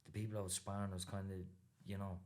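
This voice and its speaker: A man's voice: low-pitched, little pitch movement, fast talker, a little mellow. Irish man telling laughing stories. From Ireland. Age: 30s. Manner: laughs through stories, swears casually. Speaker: guest, professional boxer. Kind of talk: casual storytelling interview.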